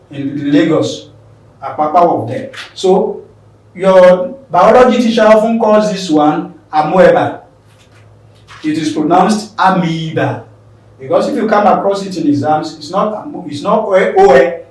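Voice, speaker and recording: A man teaching pronunciation in a slow, drilling manner, repeating words for learners. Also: high voice, a little mellow. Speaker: English teacher. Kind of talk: classroom pronunciation lesson. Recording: very echoey room, mic far off.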